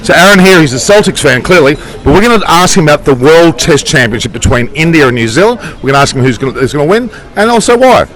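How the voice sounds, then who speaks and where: A man's voice: on the high side, sing-song, a bit bright. A man interviewing people on a busy street, upbeat and chatty. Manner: upbeat, chatty, quick-talking. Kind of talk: vox pop street interviews.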